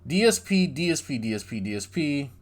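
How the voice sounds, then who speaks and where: A man's voice: a little high, big pitch swings, brisk. A man doing sarcastic commentary over a scrolled page, mocking and repetitive with profane asides. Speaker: commentary YouTuber.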